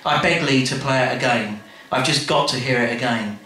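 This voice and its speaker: A man reading his memoir aloud to a live audience in a bar, wry and animated, with quick asides. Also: mid-range voice, soft background music. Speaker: storyteller. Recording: echoey live room, faint background noise.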